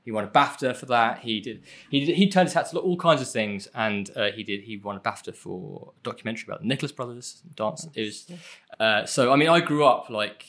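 A man's voice: medium pitch, fairly quick, a bit bright. Rambling, self-deprecating man. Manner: rambling, self-deprecating, swears casually, many fillers. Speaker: guest, film editor. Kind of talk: casual podcast chat.

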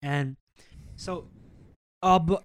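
A young man co-hosting a podcast, telling stories in a casual, animated way and swearing often. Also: a little high, extremely slow, a little hiss or hum. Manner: animated storytelling, swears a lot. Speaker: podcast co-host. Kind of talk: casual chat.

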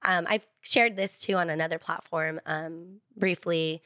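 A woman's voice: lowish voice, steady tone, measured pace, bright, forceful tone, no echo, clean studio sound. A woman sharing a candid faith testimony as a podcast guest, talking earnestly with many casual fillers. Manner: earnest, candid, heavy use of "like".

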